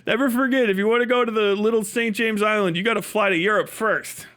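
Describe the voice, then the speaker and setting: A man's voice: high voice, fairly quick, a bit bright. A man hosting a livestream, reacting with profane, mocking commentary and frequent laughter. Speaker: livestream host.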